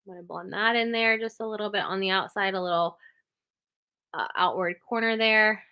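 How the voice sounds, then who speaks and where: A woman's voice: mid-range voice, fairly quick, smooth, lo-fi sound. A woman giving a step-by-step makeup tutorial, talking the viewer through each move and checking in with a frequent "okay?".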